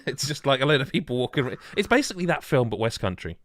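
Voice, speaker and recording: A man's voice: mid-range voice, big pitch swings, very fast. A man hosting a casual gaming podcast, rambling and joking with lots of restarts. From Wales. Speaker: podcast host. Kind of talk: casual chat.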